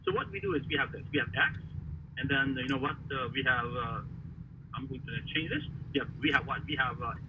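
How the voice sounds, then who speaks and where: A man teaching a math lesson, talking haltingly with many fillers and quizzing the class. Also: mid-range voice, big pitch swings, distant mic. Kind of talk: classroom lecture at a board. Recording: faraway voice over a tinny, noisy line.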